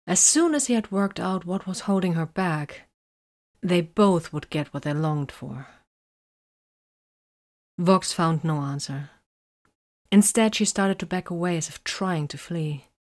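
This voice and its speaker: A woman reading romantic fiction aloud in a soft, breathy voice that often drops near a whisper. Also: fairly low pitch. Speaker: narrator.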